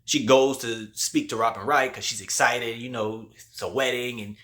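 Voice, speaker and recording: Male host, casual slangy movie-review recap, mid pitch. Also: steady tone, moderate pace, fairly bright tone. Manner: slangy, loose storytelling with lots of "like".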